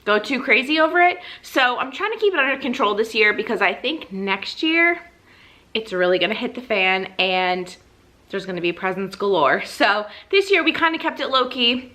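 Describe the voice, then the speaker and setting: A woman's voice: mid-range voice, bright, forceful tone. Bubbly, breathless young woman vlogger. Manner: bubbly, gushing, frequent "like". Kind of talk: casual chat to camera. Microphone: camera mic, seated.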